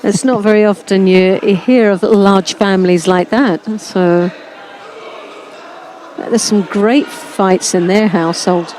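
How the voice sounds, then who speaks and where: A woman's voice: medium pitch, fairly even intonation, takes it slowly, darkish tone, a little hiss or hum, poor audio. A woman co-commentating live on a judo event, enthusiastic and chatty. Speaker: sports commentator.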